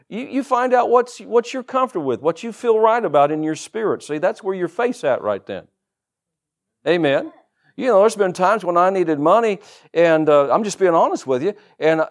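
A middle-aged man preaching a sermon as pastor, with humorous asides and rhetorical questions. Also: high voice.

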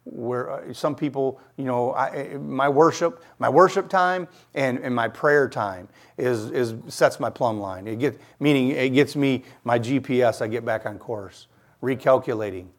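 A man, a travelling guest preacher, telling a personal testimony in a sermon, dropping to a hush and then rising loud and excited. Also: medium pitch, unhurried. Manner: animated storytelling, swings from quiet to loud.

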